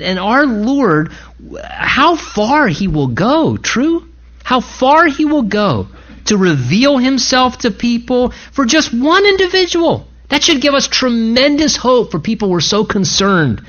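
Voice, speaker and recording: A man's voice: sits high, a bit bright. A man pastor delivers an impassioned sermon, his voice climbing and dropping with feeling as he pleads with the congregation. The church recording sounds a little muffled and lo-fi. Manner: earnest, impassioned preaching with pleading asides.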